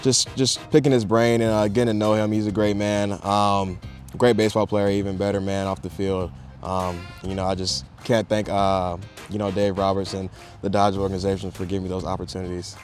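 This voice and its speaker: A young pro baseball player from Texas, answering interview questions in a laid-back, soft-spoken way with lots of fillers. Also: male voice, sits low, little pitch movement, brisk, soft background music. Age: young adult. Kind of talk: casual interview.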